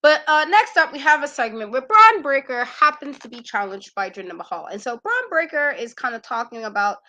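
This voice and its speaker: A woman co-hosting a wrestling aftershow, giving sassy, animated opinions in casual chat and repeating herself for emphasis. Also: sits high, a little fast.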